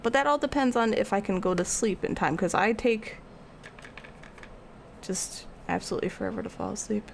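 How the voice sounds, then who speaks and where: A woman's voice: medium pitch, expressive, normal speed, vocal fry, a little hiss or hum. A young woman art streamer rambling casually as she answers her live chat.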